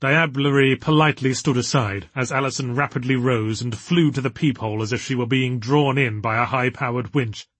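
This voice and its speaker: A man narrating an audiobook story in measured storytelling tones with a husky voice. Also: mid-range voice, a bit bright, no echo.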